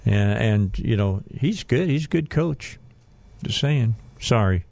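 A man hosting a radio show, chatting loosely about whatever comes to mind. He rambles, loses his thread, and starts sentences over. His mid-pitched voice sits close and dry, with no room sound around it. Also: lively intonation, unhurried, gravelly, darkish tone, no echo. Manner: rambling, chatty, trails off and restarts. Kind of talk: casual radio chat.

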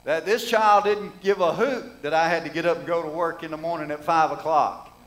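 A man's voice: a little high, steady tone, a little fast, fairly bright tone, slight background noise, rough recording. A middle-aged man preaching a sermon in a folksy, conversational way, asking the congregation rhetorical questions.

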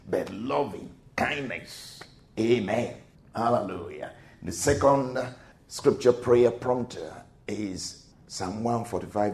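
A man preaching and praying as a pastor, repeating phrases as his voice swells loud and drops low. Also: reverberant. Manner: slow, swelling preaching with repeated phrases, rising to near-shouts and dropping low. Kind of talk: sermon with prayer.

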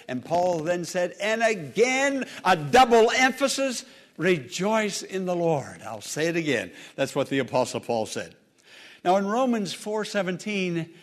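A male pastor preaching an emphatic sermon to a congregation, repeating phrases for emphasis. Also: high voice. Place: church service with congregation.

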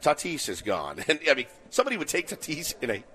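A man co-hosting a sports talk show, telling stories in an animated way and laughing easily. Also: on the high side, fast. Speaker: sports radio co-host.

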